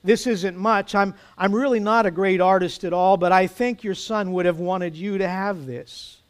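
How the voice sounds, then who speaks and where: A man's voice: high-pitched, steady tone, moderate pace, smooth, close to an everyday voice. A man voicing a humble, grateful young soldier speaking earnestly.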